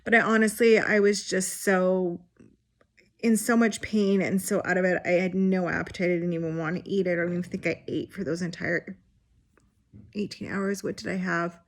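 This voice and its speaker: A woman in her forties tells her own hospital story on her vlog, frank and unfiltered, with the occasional swear word and a wry laugh. Her voice is fairly low, her delivery flat, and her pace moderate.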